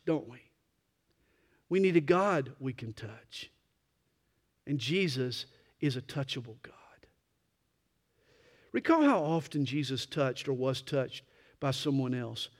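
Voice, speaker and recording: A male pastor preaching a morning sermon, swelling to loud emphatic peaks and then dropping to soft, slow phrases. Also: medium pitch, very animated.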